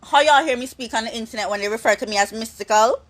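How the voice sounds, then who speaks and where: A woman's voice: on the high side, fairly bright tone. Rambling young woman talking candidly. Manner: rambling, halting restarts. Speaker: social media personality. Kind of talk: candid monologue.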